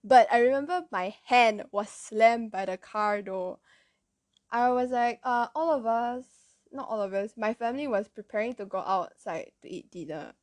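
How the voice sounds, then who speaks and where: Chatty young Malaysian woman, bright voice. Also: fairly high pitch, moderate pace, dry recording. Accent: Malaysian English. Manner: chatty, rambling, often laughing at herself. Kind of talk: casual storytelling.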